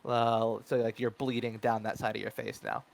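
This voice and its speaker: A man's voice: fairly low pitch, little pitch movement, normal speed, vocal fry, poor audio. A man running a tabletop game as game master, narrating the action in a rambling way full of fillers.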